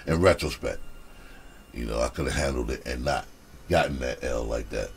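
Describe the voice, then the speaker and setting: Deep-voiced comedian telling a story. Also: male voice, moderate pace, gravelly, pauses often, a little hiss or hum. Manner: loose and profane, laughs often, frequent "you know". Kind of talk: casual storytelling.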